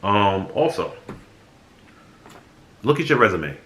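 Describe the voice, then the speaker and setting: A young man with a low, bright-edged voice spins a casual story for his viewers. He talks bluntly and with energy, and swears freely. The sound bounces around an echoey room. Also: big pitch swings, takes it slowly. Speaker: vlogger.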